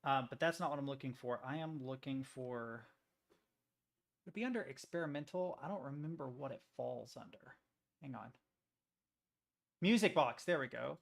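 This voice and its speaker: A man's voice: medium pitch, normal speed, creaky, pauses often. A man streaming, chatting casually in a rambling, self-interrupting way while he makes music on a computer, swearing now and then.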